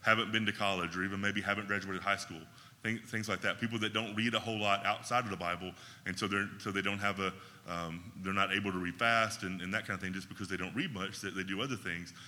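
Bright-voiced man teaching in a hall. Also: sits low, steady tone, fast. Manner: conversational, often checks in with "right?". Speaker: Bible teacher. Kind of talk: classroom teaching talk.

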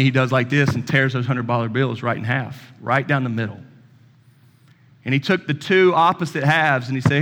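A man's voice: mid-range voice, fairly bright tone. A man, preaching a sermon and telling a personal story in a folksy way, acting out both sides of the conversation. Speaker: pastor. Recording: long reverb in a church hall.

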